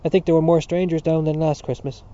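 A man doing a loud, scornful blustering father. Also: fairly high pitch, level tone, quick pace, muffled recording, pitched above the performer's own voice, close to an everyday voice. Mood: grumbling. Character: bitter, blustering middle-aged Irish father.

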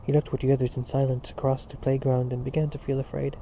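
A man's voice: medium pitch, completely flat delivery, fast, gravelly, dark tone, dull audio, slight background noise. A man reading a novel aloud as scripted narration, with a few slips and restarts. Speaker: audiobook reader.

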